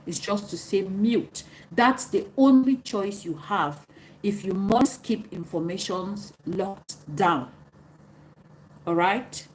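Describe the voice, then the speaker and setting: A woman's voice: medium pitch, slow, slight background noise, rough recording. A woman hosting a livestream, giving earnest advice and answering viewers' comments by name. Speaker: livestream host.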